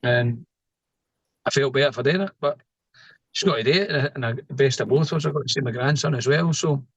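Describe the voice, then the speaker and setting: A middle-aged Scottish man speaks as a podcast guest, spinning out a personal story in loose, rambling sentences. He keeps checking in with the listener with a quick "right?" The recording is close and dry, with no room sound. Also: mid-range voice, breathy edge, dry recording, dull audio. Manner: rambling, tags lines with "right?". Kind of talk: casual storytelling.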